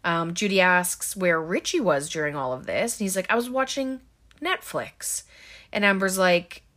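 A woman casually recapping a horror movie plot, chatty, with lots of ums and likes, slipping into quick quoted lines. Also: lowish voice, fairly bright tone.

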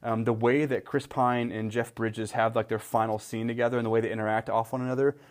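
A man's voice: mid-range voice, level tone, fast talker. A man with a mid-range voice rambles through his thoughts on a film, full of fillers and restarts. Between his runs, he teases his co-host with a dry wit. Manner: rambling with many fillers and restarts, wry teasing. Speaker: podcast co-host. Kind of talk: casual chat about favorite movies.

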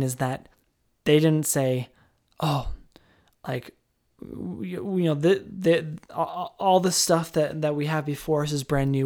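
A man's voice: fairly high pitch, darkish tone. A man hosting a podcast, talking in a loose, rambling way with frequent restarts. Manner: rambling, with restarts, jokey put-on voices. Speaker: podcast host. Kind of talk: casual chat.

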